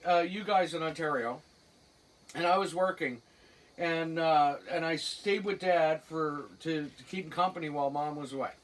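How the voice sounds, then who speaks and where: A middle-aged woman from Cape Breton, Canada, appears as a guest and tells a personal anecdote bluntly and saltily, chuckling along the way. Her voice is fairly low, and the mic sits some distance from her.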